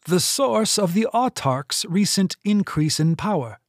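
Male narrator doing an imperious older woman leader for an audiobook; slow, lifted pitch, dry close sound. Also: expressive, no echo, full character voice. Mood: commanding. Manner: stern, imperious, measured. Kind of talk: audiobook character voice.

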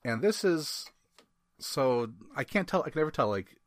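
A man's voice: fairly high pitch, big pitch swings, normal speed, no room sound, clean studio sound. A man from Wisconsin hosting a casual comic book review podcast, wry and given to rambling asides and laughs. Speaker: podcast host.

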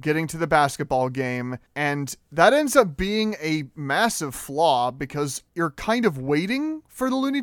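A young man with a rather high voice hosts a movie podcast, chatting about films in a casual, animated, opinionated way with frequent fillers and restarts. The recording is dry and close-miked, with no room sound or echo.

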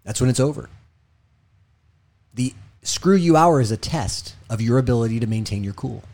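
An expressive former hostage negotiator speaks at a moderate pace in a motivational talk. He's emphatic and repetitive, rising as he tells stories and dropping quiet and low for the main lessons.

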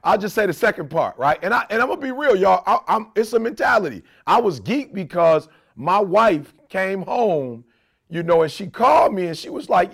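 Gravelly and husky yet high, the voice of a middle-aged podcast co-host moves at a moderate pace. In casual conversation, he relates stories with lively energy and imitates the people he's quoting.

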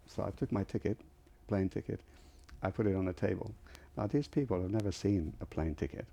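A man's voice: sits low, fairly quick, vocal fry, dark tone. An older man from Lebanon, telling his life story as a vivid storyteller in an interview. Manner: vivid storyteller, acts out other people's voices. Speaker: guest, airline founder.

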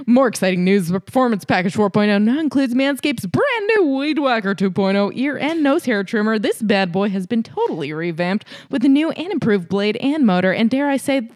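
A woman's voice: medium pitch, a little mellow, dry recording. A young woman co-hosting a podcast, chatting crudely and joking, also reading a sponsor ad. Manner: crude, jokey, loose delivery. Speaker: podcast co-host. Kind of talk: casual chat and read sponsor ad.

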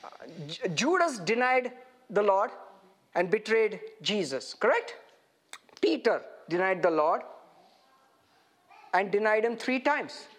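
A man preaching an interactive sermon, animated and putting questions straight to his listeners. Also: high-pitched, slow pace, pauses often.

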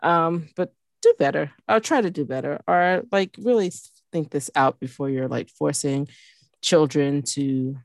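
A middle-aged woman with a low voice talks through a casual podcast chat, full of ums and likes. The sound is close and dry, with no room around it. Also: measured pace, no echo. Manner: chatty, full of fillers, animated when joking. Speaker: podcast co-host.

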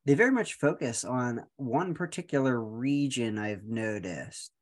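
A man on a casual podcast who talks at a middling pitch, wanders through his explanations and drops in dry one-liners. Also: animated, a little slow. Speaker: podcast co-host. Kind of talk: casual chat.

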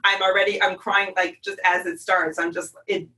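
A woman's voice: lowish voice, level tone, moderate pace, sharp tone, distant mic, poor audio. A woman organizer hosting a casual conversation, speaking in a heartfelt way about friendship.

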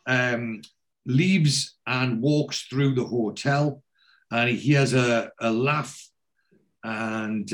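A man casually retelling a TV episode in a chatty, profane way, acting out the characters. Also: medium pitch. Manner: chatty, profane, does voices.

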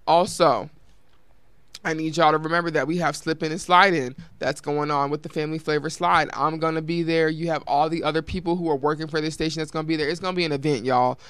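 Talk show host lady wrapping up, smooth voice, dry sound, keeps hammering her point with y'all. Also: low voice, steady tone, quick pace, a bit bright, dry recording. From Colorado. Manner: emphatic and repetitive, addresses listeners as y'all. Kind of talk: casual show sign-off with announcements.

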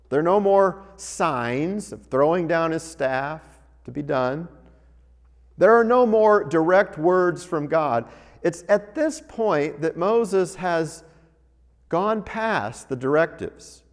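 A man preaching a sermon in a church, reading scripture and then speaking with wry, animated humor. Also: fairly high pitch, takes it slowly. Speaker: pastor. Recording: long hall reverb.

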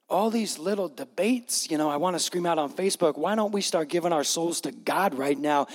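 A male pastor with a high voice delivers an earnest sermon, circling back to key phrases and speaking straight to his congregation. His voice rings out with a long reverb, as if from a large hall. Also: a little fast. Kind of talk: sermon retelling a gospel story.

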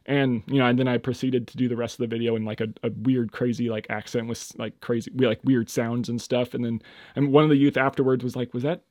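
Young man, solo podcast host, rambling, filler-heavy, loudness swings, drifts off the mic. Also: mid-range voice, little pitch movement, fast, no room sound, studio quality. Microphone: home microphone, moves on and off it.

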